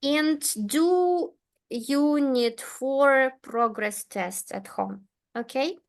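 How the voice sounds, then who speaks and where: A woman teaching an English lesson, speaking patiently and clearly. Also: high voice. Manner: patient, slow and clear, with frequent okays. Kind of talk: online one-to-one English lesson.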